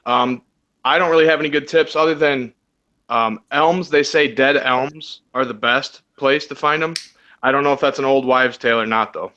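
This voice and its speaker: A man's voice: medium pitch, moderate pace, bright, forceful tone. A man from Michigan, a hesitant guest in a casual livestream chat. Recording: muffled lo-fi mic.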